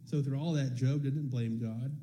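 A man's voice: medium pitch, steady tone, moderate pace, mellow, a little hiss or hum. A man sharing a personal testimony in church, telling the story casually and acting out bits of dialogue.

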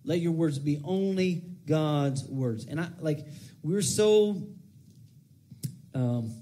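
Chatty pastor with a light voice. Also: male voice, takes it slowly, mellow. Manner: conversational, repeats phrases, acts out whiny prayers in a higher voice. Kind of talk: casual sermon.

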